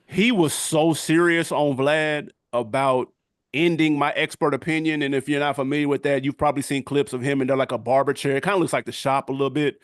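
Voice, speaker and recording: A middle-aged man co-hosting a podcast, talking in casual, animated chat full of street slang and quick laughs. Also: on the high side, no echo, clean studio sound. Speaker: podcast co-host.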